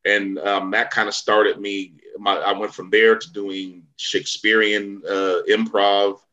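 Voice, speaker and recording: On dull-sounding audio, a man with a lowish voice speaks at a measured pace, his pitch barely moving and his delivery pushed and bright. He is a Bay Area actor from Vallejo, California, telling stories as a guest in a casual interview, rambling and restarting with lots of fillers.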